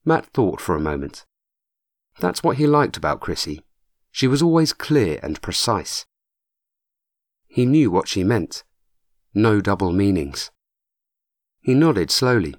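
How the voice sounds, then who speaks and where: A man narrating an audiobook with measured storytelling. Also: lowish voice, very animated, no room sound, studio quality. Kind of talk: scripted narration.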